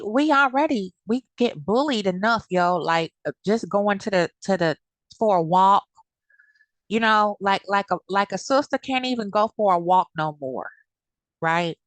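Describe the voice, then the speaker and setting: A woman's voice: medium pitch, no echo. A woman giving blunt, heated commentary in a casual vlog, cursing freely. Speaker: commentary vlogger.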